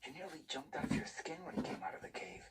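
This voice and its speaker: A man's voice: a little high, fast talker, recorded from a distance, very noisy, pitched above the performer's own voice, close to an everyday voice. A man voicing a chatty, curious young male cat apprentice in whispered storytelling.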